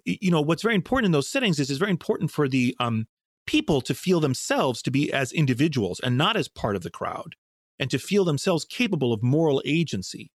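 A man's voice: mid-range voice, dry recording, clean studio sound. A man answering interview questions in a thoughtful, rambling way, often restarting his sentences. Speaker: guest scientist.

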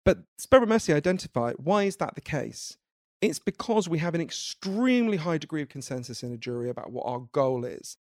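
A man from the United Kingdom talks as an interview guest, laying out ideas with animated energy. His voice sits fairly high for a man. The sound is close and dry, with no room around it. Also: brisk, dry recording. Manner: animated, explanatory, laughs easily. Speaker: guest author. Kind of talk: conversational interview.

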